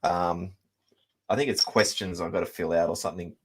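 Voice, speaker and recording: A man's voice: low voice, steady tone, moderate pace, slightly rough. Laid-back Australian man telling a story. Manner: rambling storyteller with many ums and laughs. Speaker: musician and show host. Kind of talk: casual chat.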